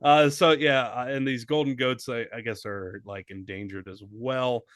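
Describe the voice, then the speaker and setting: A man's voice: mid-range voice, fairly even intonation, moderate pace, fairly bright tone, dry recording. A man co-hosting a casual comedy podcast, joking crudely and riffing. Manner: joking, crude, slips into mock English accent. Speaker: podcast co-host.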